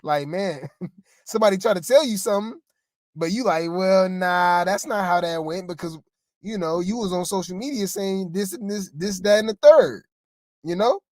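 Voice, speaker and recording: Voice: medium pitch, expressive, moderate pace, a little mellow, dry recording, clean studio sound. A co-host giving casual gossip commentary, rambling and exasperated, often talking straight to the listeners.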